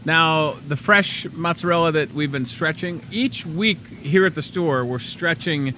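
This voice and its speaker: A man's voice: on the high side, a little slow, slight background noise. A man hosting a live daily talk show, joking around in casual chat with his guests. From Chicago area. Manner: jokey, playful, animated.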